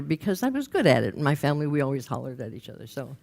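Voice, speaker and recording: An older American woman with a notably low voice tells a funny story on stage. She is from Los Angeles and keeps it lively, dropping into the voices of the people she quotes. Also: fast talker, creaky. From Los Angeles, USA. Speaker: speaker. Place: stage before a live audience.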